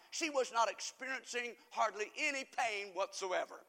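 A man preaching a folksy sermon to his congregation, rambling through stories and swinging from soft asides to loud emphasis. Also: high-pitched, moderate pace, hardly any pauses. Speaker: pastor. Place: church sanctuary. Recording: reverberant church hall.

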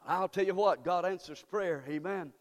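A high-voiced man preaches a sermon at normal speed in a church sanctuary, the recording full of long hall reverb. As pastor he's fervent and repetitive, drawing call-and-response from the congregation.

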